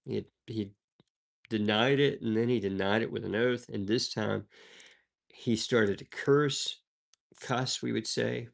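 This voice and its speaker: A man's voice: lowish voice, creaky. A man from the American South reading Bible passages aloud and explaining them in an easygoing, conversational teaching style. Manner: reads verses then explains them, conversational asides. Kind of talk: devotional Bible reading and commentary.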